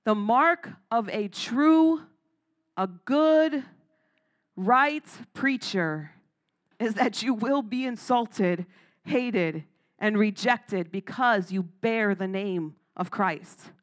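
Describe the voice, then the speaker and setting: Drawing out her words, a woman with a mid-range voice and lively intonation preaches emphatically. She laughs between points and calls out "Amen?" and "Come on" to her congregation.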